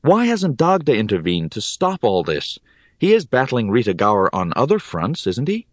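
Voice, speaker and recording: A man's voice: medium pitch, wildly swooping pitch, normal speed, no echo, clean studio sound, pitched above the performer's own voice. A man voicing an eager, questioning young boy. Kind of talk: audiobook character reading.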